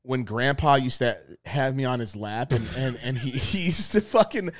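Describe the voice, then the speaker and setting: A man's voice: medium pitch, normal speed, no echo, studio quality. A young man casually telling a wild story on a podcast, cursing freely, acting out quotes and laughing often. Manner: animated, profane, acts out quotes, laughs a lot. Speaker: podcast co-host.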